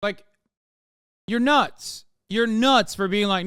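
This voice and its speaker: Speaking straight to his chat, a man in his thirties hosting a live stream reacts to a video with heated, foul-mouthed rants. He sounds very animated yet slow-paced, with a high, fairly bright, clean voice in a dry, studio-quality recording.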